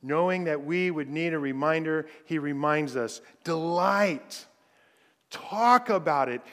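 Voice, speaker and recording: Pastor guy preaching, kinda high voice, chatty then hushed on verses, lots of church echo. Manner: conversational, drops to soft recitation for scripture. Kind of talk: sermon. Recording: long hall reverb.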